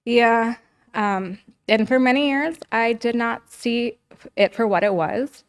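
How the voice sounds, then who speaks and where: A woman's voice: a little high, a little slow. A woman as a podcast guest, earnestly telling a personal story in casual speech packed with "like" and "you know.". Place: living in Los Angeles.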